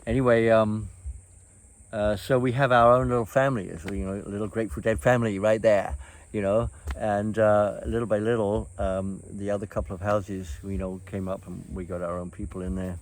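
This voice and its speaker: An older man recounts old times in casual, rambling fashion. His voice sits on the low side. He drifts, hesitates and restarts, filling the pauses with ums and uhs. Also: flat delivery. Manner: meandering, halting, many fillers and restarts. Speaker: storyteller recounting his past. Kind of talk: casual reminiscing chat.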